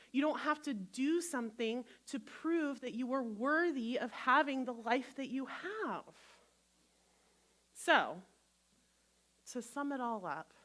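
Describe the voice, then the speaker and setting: A woman minister giving a gentle, conversational sermon to a congregation, acting out inner voices as she talks. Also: fairly high pitch. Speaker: guest minister.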